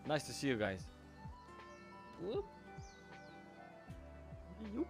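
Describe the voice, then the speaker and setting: A man's voice: medium pitch, wildly swooping pitch, extremely slow, over music. Chatty streamer man greeting viewers. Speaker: livestreamer. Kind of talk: casual livestream chat.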